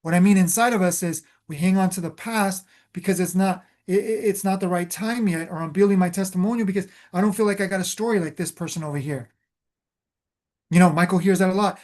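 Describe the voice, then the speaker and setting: A spiritual coach with a mid-pitched voice delivers a motivational talk. The speech is emphatic and loose, hammering points home through repetition and often pausing on fillers and restarts. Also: fairly even intonation, darkish tone. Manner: emphatic, repeats phrases for stress.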